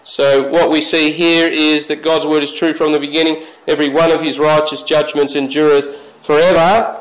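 Man, sermon, slightly high voice, slow emphatic scripture reading. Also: little pitch movement, rough recording. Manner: reads scripture slowly, raising pitch for emphasis. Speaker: preacher.

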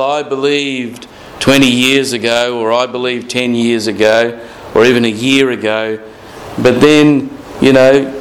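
Man preaching a slow emphatic sermon. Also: medium pitch, a little hiss or hum, low-quality recording. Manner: slow emphatic reading of scripture, drawn-out phrases. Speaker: pastor.

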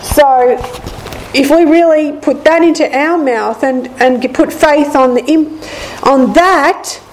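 A woman gives a slow, deliberate Bible teaching, repeating each key line. Her voice sits high but mellow and soft-edged. A faint hum of room ambience runs behind her. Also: low-quality recording. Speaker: preacher.

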